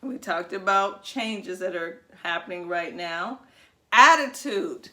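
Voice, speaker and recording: A woman's voice: on the low side, slow, sharp tone. A woman preschool teacher giving a video lesson to young children, talking in a sing-song, encouraging way.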